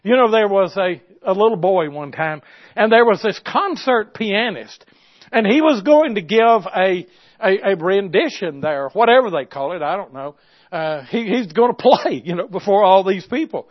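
A man preaching a sermon, moving from quiet, hushed storytelling to loud, impassioned exhortation. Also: high-pitched, normal speed. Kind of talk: sermon with stories. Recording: dull lo-fi recording.

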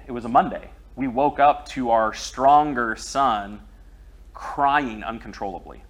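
A man's voice: mid-range voice, fairly bright tone. A middle-aged man preaching a sermon, telling a personal story in a conversational way.

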